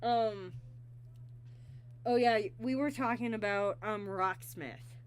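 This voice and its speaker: A woman hosting a casual livestream interview, talking haltingly with lots of fillers and bursts of giggling. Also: mid-range voice, clean tone. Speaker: stream host.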